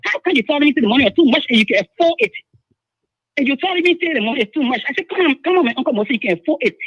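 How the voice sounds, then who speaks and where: A woman's voice: fairly high pitch, fairly bright tone, breathy edge, no room sound. A woman with a Liberian English accent, calling in to a show, speaking urgently and insistently and repeating herself. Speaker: caller. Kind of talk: emotional phone-in account. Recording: dull phone line.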